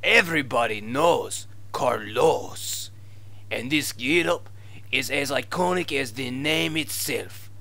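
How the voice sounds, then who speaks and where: Man voicing a bragging ranger, fake Spanish accent, bright, unhurried. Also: mid-range voice, vocal fry, heavily acted. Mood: boastful. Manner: grandiose, talks of himself in third person. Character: boastful male wasteland ranger, self-proclaimed legend.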